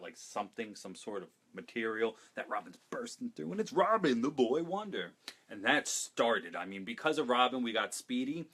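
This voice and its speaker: A fairly low-pitched man talks casually and eagerly to his viewers as a show host. He rambles, jokes, and starts sentences over again as he goes. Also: fairly bright tone. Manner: enthusiastic, rambling and jokey, with many asides and restarts. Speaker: host of a comics talk show. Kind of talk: casual solo fan talk to camera.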